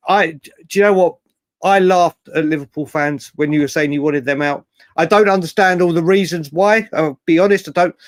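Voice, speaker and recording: A man's voice: high voice, dry recording. A young man hosting a casual football live stream, bantering with viewers by name and laughing often. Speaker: livestream host.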